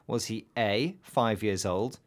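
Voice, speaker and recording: A man's voice: lowish voice, slow. A man co-hosting an English learning program, presenting a script steadily and quizzing his co-host.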